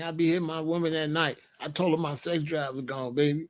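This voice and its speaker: A man hosting a comedic monologue, an animated, profane storyteller who laughs often. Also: on the high side, brisk. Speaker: podcast host.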